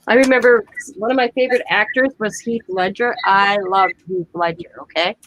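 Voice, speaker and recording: A middle-aged woman hosting a crafting live stream, chatting and telling stories in a lively, animated way. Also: mid-range voice, moderate pace, rough recording. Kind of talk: casual chat while crafting.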